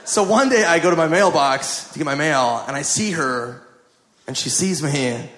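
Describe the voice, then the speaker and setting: A man's voice: a little high, animated, normal speed, a bit bright, roomy sound. A male stand-up comedian telling a story on stage in a rambling, profane way, full of "like", recorded live with a laughing crowd.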